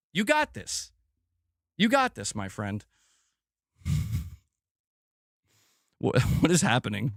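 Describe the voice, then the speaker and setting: Young man, gaming streamer, profane rant, high lively voice, dry close sound. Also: no echo. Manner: profane, animated venting with mock quotes. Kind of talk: casual livestream rant.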